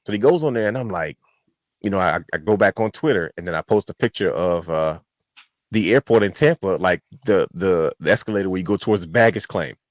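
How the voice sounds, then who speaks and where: Male podcast co-host, lowish and dry, rambling storyteller. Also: a little fast, dry recording. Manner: long-winded storytelling, animated quotes. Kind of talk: casual chat.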